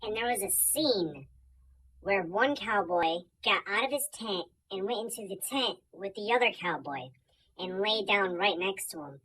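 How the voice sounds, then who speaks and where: A woman doing a comic storytime monologue, animated, swinging between loud bursts and soft asides. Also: mid-range voice, unhurried, husky, rough recording. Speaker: comedian.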